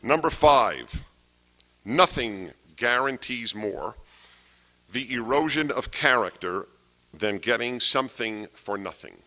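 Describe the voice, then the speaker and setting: A man lectures an audience in a bright, forceful voice. He drives each point home by repeating it and throwing out rhetorical questions. His pitch sits in an ordinary middle range for a man. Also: lively intonation, slow pace. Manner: emphatic, repeats key phrases, asks rhetorical questions. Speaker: speaker giving a talk.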